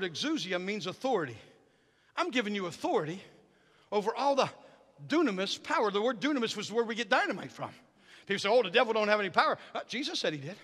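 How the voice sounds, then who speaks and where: A middle-aged man preaching as a guest in a church, telling stories with animated energy that builds to fervent shouting. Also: sits high. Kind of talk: sermon. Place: church sanctuary. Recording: reverberant church hall.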